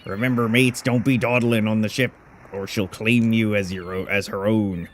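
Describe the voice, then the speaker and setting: A man voicing a gruff old male pirate sea captain with a growling pirate brogue, reading game dialogue aloud in character. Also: mid-range voice, fairly even intonation, slow pace, pushed and bright, a little hiss or hum. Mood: reassuring.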